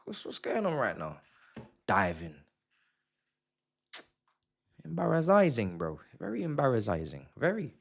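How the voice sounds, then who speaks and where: A young man hosting a live football watchalong stream, slangy and repetitive, swinging from hushed murmurs to excited shouting. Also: medium pitch, a little fast, creaky. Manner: slangy, repeats phrases for effect. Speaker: livestream host of a match watchalong.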